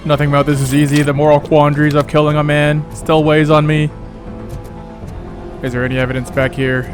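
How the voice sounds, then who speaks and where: A man's voice: fairly high pitch, little pitch movement, fairly quick. A young man giving casual, joking let's-play commentary, swearing and laughing as he plays. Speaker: gamer. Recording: game music behind.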